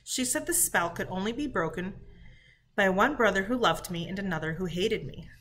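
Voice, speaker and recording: A woman's voice: mid-range voice, moderate pace, fairly bright tone, lightly acted. A woman voicing a young princess, just freed from a witch's spell, in a folk tale read aloud. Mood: relieved.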